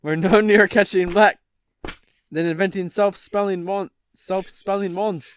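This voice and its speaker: A man's voice: high voice, fairly even intonation, a little slow, clean tone. A man reading a worried middle-aged wizard father in a fumbling British accent that drifts Irish-Scottish, in a casual podcast table read. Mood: urgent.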